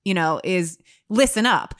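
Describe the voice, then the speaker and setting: A woman hosting a podcast in casual interview chat, quick and expressive, openly moved by her guest's story. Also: fairly low pitch. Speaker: podcast host.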